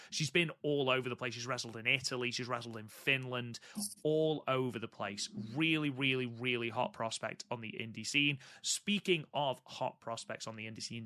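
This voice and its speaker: Bright, eager male podcast co-host. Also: medium pitch, dry recording, studio quality. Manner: enthusiastic, piles up repeated words. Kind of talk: casual podcast chat.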